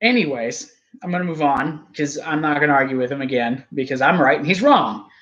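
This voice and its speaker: A man's voice: a little high, brisk, a bit bright, muffled recording. A man hosting a wrestling review show, rambling and teasing his co-host in casual chat.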